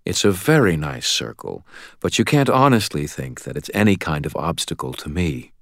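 A man voicing a calm, deep-voiced archangel. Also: no echo, studio quality, exaggerated voice. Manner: calm, measured and quietly firm. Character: calm, sorrowful male archangel. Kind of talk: audiobook character voice.

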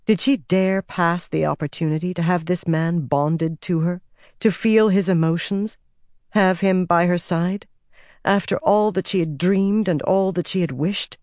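Measured male audiobook narrator, dry sound. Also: high-pitched, fairly even intonation, a little mellow, no room sound. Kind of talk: scripted fantasy narration.

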